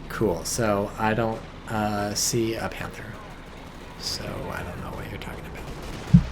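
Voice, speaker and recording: A man giving casual, excitable commentary on a strategy game, swearing and reading chat aloud. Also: lowish voice, slight background noise. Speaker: game caster.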